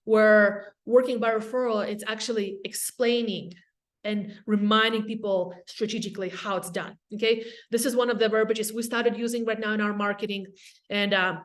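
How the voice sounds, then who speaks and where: A woman from Russia with a Russian accent, giving a casual, energetic webinar talk on real estate, with quick asides to the audience. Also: mid-range voice. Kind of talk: casual presentation.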